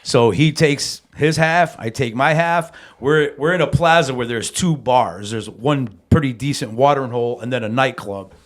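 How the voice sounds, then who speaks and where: A man's voice: mid-range voice, normal speed, hardly any pauses. A man hosting a podcast, telling a story in a casual, slangy, profane way with lots of animation. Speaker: podcast host.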